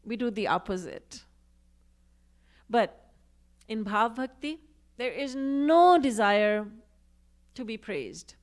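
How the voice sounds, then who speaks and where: A woman's voice: a little high, sing-song, slow, long pauses. A woman giving a devotional discourse, reciting verses and acting out quoted speech with expression. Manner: recites Sanskrit and Hindi verses. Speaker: spiritual teacher.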